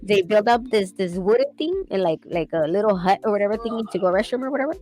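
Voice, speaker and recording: A woman's voice: mid-range voice, expressive, fast, dark tone, rough recording. Rambly young woman chatting, music faint. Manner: rambling, laughing, swearing casually. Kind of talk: casual chat while sketching.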